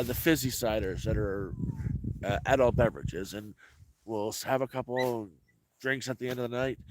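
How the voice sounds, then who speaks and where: A man's voice: medium pitch, heavy background noise. A man talking casually to his viewers in a rambling way, restarting and repeating himself often. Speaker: vlogger. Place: rural off-grid homestead, cold.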